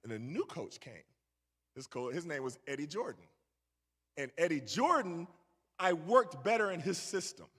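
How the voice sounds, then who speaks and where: A man's voice: on the high side, animated, normal speed, pauses often, a bit bright, slightly rough. A middle-aged man telling a story to a young audience and bantering with the crowd. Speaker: guest speaker. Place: large church hall. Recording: echoey church hall.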